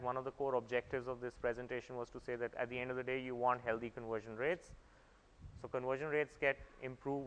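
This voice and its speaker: Male conference speaker, mid-pitched voice, explains at length and restarts his phrases, heard in an echoey hall. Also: a bit bright. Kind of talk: conference talk.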